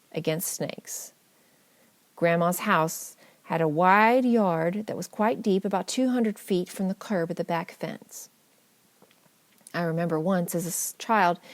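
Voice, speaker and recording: Low-voiced woman reading an audiobook. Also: dry recording. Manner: measured, gently wry storytelling. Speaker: audiobook narrator. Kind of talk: scripted audiobook narration.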